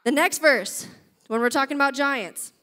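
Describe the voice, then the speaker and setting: A woman with a high, bright-edged voice delivers a church sermon. She tells stories with lively energy and keeps checking in with her listeners as she goes. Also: normal speed. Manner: animated storytelling, often checks in with "okay?". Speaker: preacher.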